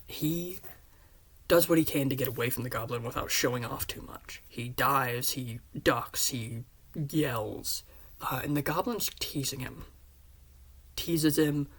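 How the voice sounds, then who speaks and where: A man earnestly retelling the scenes of a story pitch he wrote, often dropping into hushed half-whispers. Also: a little slow, breathy edge. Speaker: fan pitching a series.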